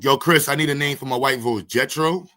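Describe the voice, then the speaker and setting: The host, a man from Brooklyn, New York, talks fairly quickly in a mid-range voice that sounds pushed and bright. His casual, comedic chat is full of jokes, laughter and loose slang.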